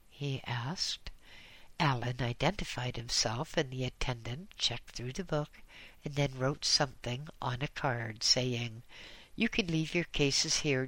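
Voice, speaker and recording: A man narrating a story aloud in a slow, measured storytelling manner. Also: medium pitch, pushed and bright, dry recording. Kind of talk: audiobook narration.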